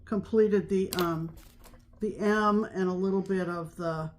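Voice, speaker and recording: A woman's voice: mid-range voice, steady tone, measured pace, a little hiss or hum. Chatty woman co-host with a mid-range voice; loose, rambling talk, full of fillers and false starts. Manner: rambling, with many ums and restarts. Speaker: podcast co-host. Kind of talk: casual chat about cross-stitch.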